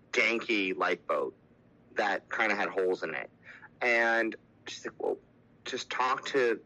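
Young man, lowish bright voice, candid and halting, telling his own recovery story. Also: low-quality recording. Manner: candid, halting, with many fillers and restarts.

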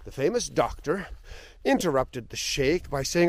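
A man narrating spiritual stories and reflections in an earnest, sometimes softly dropping voice. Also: on the high side, sing-song, unhurried. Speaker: storyteller and spiritual speaker.

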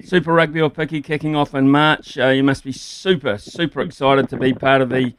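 A man's voice: mid-range voice, steady tone, fairly quick, slight background noise. New Zealand man hosting sports radio. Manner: opinionated, with many "uh" fillers. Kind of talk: sports radio commentary and interview.

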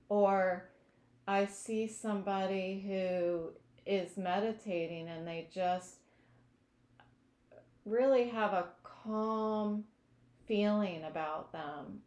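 A woman speaks slowly and earnestly, giving a reflective personal testimony as an interview guest. She pauses to search for words. Her voice carries in a roomy, echoing space. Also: mid-range voice, steady tone, darkish tone. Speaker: guest sharing her recovery story. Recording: echoey room.

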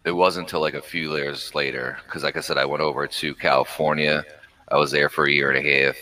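A young man with a Philadelphia accent, chatting casually as a podcast guest, laid-back and quick to laugh. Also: a bass voice, level tone, bright, forceful tone, poor audio. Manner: laid-back, laughs often, repeats words. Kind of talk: casual chat.

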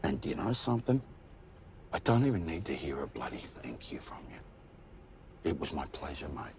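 A man's voice: extremely low pitch, very animated, normal speed, noisy background, full character voice. An actor playing a shapeshifting alien spy, a sarcastic man who builds into a long aggrieved rant with stumbling restarts. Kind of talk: TV series dialogue.

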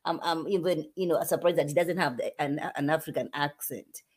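A married woman co-hosting a casual live recap chat, speaking in a measured way and often restarting her sentences. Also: deep voice, a little mellow, husky. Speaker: co-host.

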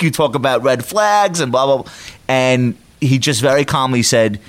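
Man, podcast guest, mid-range voice, animated, quick bursts of talk. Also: mid-range voice. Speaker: podcast guest, financial advisor. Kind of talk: casual podcast conversation.

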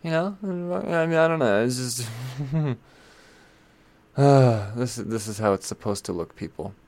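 A man's voice: medium pitch, unhurried, darkish tone. A man giving casual, rambling commentary on comic books, blunt and swearing freely, often trailing off mid-thought. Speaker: comic book reviewer.

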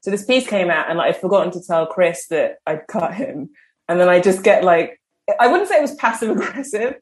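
A woman's voice: lowish voice, lively intonation, brisk. A woman in her twenties with an English accent, a journalist guest chatting casually on a podcast, laughing often and filling with "like". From England.

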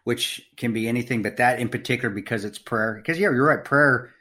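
A man's voice: medium pitch, brisk, bright, forceful tone. A man hosting an interview podcast, chatting casually and enthusiastically and laughing often. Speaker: podcast host.

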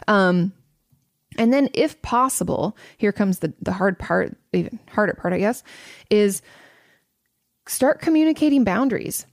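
Woman, therapist host, casual advice talk, blunt, swears, gravelly fry, dry sound. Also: medium pitch, animated, measured pace, pauses often, dry recording. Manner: blunt and candid, swears freely. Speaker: therapist host answering audience questions.

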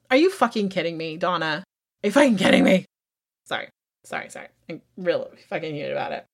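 Profane, heated woman recapping true crime. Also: medium pitch. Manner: heated, profane, emphatic storytelling. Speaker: podcast host.

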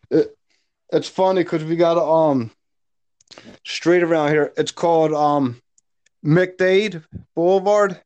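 Philly guy chatting on a podcast, laid back, lots of ums, a bit high voice. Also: fairly even intonation, slow pace, pauses often, darkish tone, lo-fi sound. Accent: Philadelphia. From Philadelphia. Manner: easygoing, hesitant, with frequent fillers. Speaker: podcast guest. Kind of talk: casual chat.

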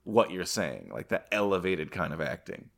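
A man co-hosting a casual film-review podcast, animated and laughing often, acting out quotes in a higher voice. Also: normal speed, vocal fry. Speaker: podcast co-host.

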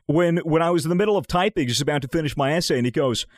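Rapid-fire and on the high side, a young podcast co-host in his twenties chats and tells stories with lots of swearing and acted-out quotes. It's an animated delivery, studio-quality with no room sound.

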